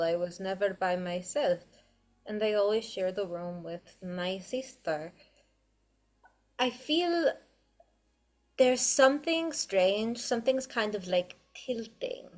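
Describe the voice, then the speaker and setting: A woman player speaking in character in a tabletop role-play, childlike and wistful. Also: medium pitch.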